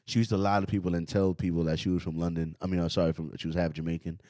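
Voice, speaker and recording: A man reacting to a clip, laughing often and talking in loud, slangy disbelief. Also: low voice, little pitch movement, very fast. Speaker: streamer reacting to a video. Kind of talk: casual reaction commentary.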